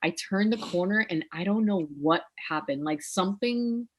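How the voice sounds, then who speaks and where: A woman guest on a podcast, casually telling her story with animated, emotional delivery. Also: medium pitch, moderate pace.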